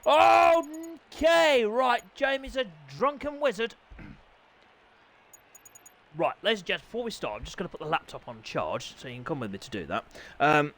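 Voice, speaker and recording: A young man hosting a sim racing league stream in casual, chatty, self-deprecating livestream talk, often clearing his throat. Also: fairly high pitch, big pitch swings, fairly quick, long pauses, pushed and bright.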